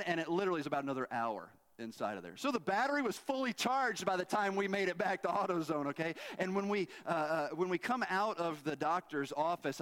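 A middle-aged man, preaching a sermon in a conversational, animated storytelling way and asking the congregation questions. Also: high voice. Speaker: pastor.

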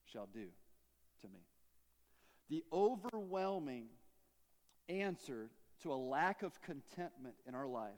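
A male pastor preaching a sermon, swinging between emphatic raised lines and quiet, dropped endings. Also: on the high side, long reverb tail.

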